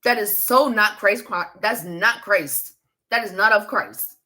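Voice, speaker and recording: A woman's voice: mid-range voice, slow pace, sharp tone. A woman from Pennsylvania hosting a livestream as a psychic reader, chatting casually and bluntly, swearing and laughing often as she answers viewer comments. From Pennsylvania, USA.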